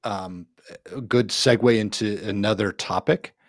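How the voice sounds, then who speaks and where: Man, podcast co-host, somewhat low voice, dry close sound, enthusiastic rambling. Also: a little slow, dry recording. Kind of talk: casual chat.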